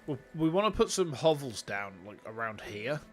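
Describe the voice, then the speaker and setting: A man's voice: mid-range voice, sing-song, normal speed, fairly bright tone, soft background music. A young man with a Yorkshire accent, chatting casually to his viewers as he plays a city-building game. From Yorkshire, England. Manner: chatty, rambling, talks to chat. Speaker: VTuber streamer. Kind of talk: casual live game commentary.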